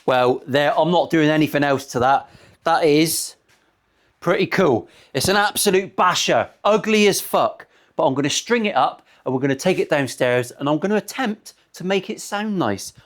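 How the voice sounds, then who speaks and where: A man's voice: a little high, expressive, normal speed. A man, a luthier talking casually as he works on a guitar in his workshop, rambling into crude, sweary jokes. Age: 40s. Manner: chatty, crude, rambling banter with frequent swearing.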